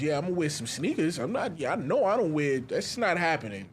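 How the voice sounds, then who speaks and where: A man's voice: fairly high pitch, sing-song, brisk, slight background noise. A man with a New York accent co-hosting a podcast, telling stories in a laid-back, casual way. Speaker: podcast co-host. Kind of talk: casual chat.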